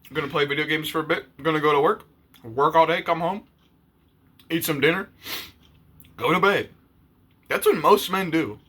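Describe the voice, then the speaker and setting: Bright-voiced man ranting bluntly. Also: on the high side, normal speed, long pauses, husky. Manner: blunt, profane, conversational. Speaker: YouTuber. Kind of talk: casual rant to camera.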